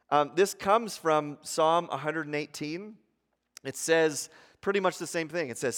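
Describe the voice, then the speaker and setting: A man preaching a sermon as pastor, talking in a conversational way with fillers and restarts, rising in pitch and volume when he acts out the crowd. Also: moderate pace, big-room sound. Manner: grows louder and higher when acting out the crowd.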